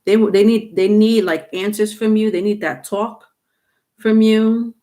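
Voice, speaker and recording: A woman's voice: medium pitch, steady tone, unhurried, warm tone. A woman giving a live-streamed tarot reading, rambling with many fillers and restarts. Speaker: tarot reader.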